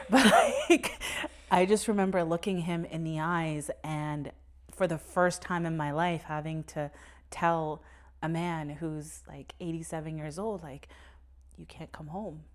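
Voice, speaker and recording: A young adult woman co-hosting a podcast, candidly telling a personal story with swearing and nervous laughter. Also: deep voice. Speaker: podcast co-host. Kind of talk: casual conversation.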